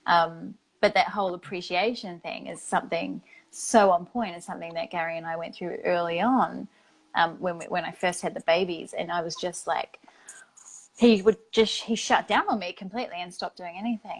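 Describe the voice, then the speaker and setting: A woman's voice: fairly low pitch, moderate pace, low-quality recording. A woman in casual conversation, telling a story from her own life and acting out what she said. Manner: animated storyteller who acts out her own past words.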